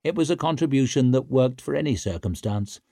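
A man reads an audiobook in a steady, measured way, with a mid-pitched voice. The recording is dry and close, with no room sound. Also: no room sound. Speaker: narrator. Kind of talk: audiobook narration.

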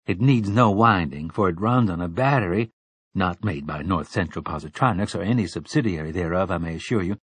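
A man's voice: fairly low pitch, breathy edge, no echo. A man doing a stern, formal young woman. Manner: measured, formal speech.

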